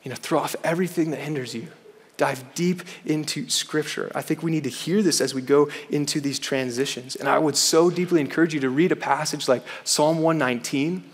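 A young man giving an earnest chapel sermon to students, often saying "man". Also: fairly high pitch. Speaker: campus chapel speaker. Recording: hall reverb.

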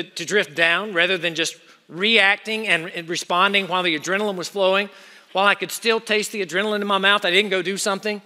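A man preaching a sermon, his high voice bright and forceful. He presses hard on some lines and drops to quiet asides on others. The sound carries a long reverb from a large hall. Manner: urgent exhortation, swinging between loud pushes and quiet asides.

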